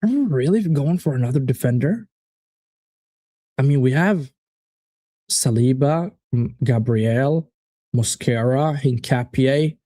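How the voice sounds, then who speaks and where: Casual male stream host, animated and profane, warm dark tone, dry booth sound. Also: fairly high pitch, no room sound. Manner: animated, swearing, reads out chat predictions. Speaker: watchalong host. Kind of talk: casual live-stream football chat.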